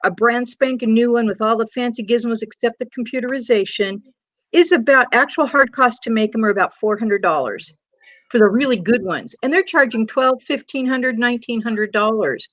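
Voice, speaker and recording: A woman's voice: fairly high pitch, normal speed, fairly bright tone, no room sound. A woman hosting a casual panel chat on a video call, giving advice and telling stories. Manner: advising, storytelling. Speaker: host of a panel chat show. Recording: dull lo-fi webcam audio.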